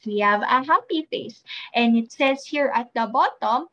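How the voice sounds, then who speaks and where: A woman teaching a recorded preschool class, speaking in a slow, sing-song voice with rising questions to small children. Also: a little high, bright, forceful tone.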